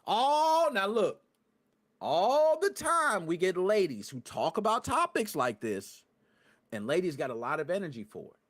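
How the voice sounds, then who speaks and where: Young man, podcast host, high voice, very animated pitch swings, profane street slang, ranting casually to chat. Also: unhurried. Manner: animated, swings from loud outbursts to low muttered asides.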